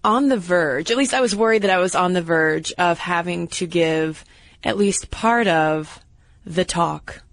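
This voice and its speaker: A woman co-hosting a podcast, telling stories in a lively, casual way with fillers. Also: on the low side, unhurried. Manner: animated storytelling with fillers. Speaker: podcast co-host. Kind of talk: casual chat.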